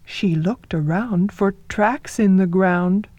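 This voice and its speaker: A woman narrating a folktale in a soft, measured storytelling manner, sometimes dropping to a whisper. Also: medium pitch, no room sound.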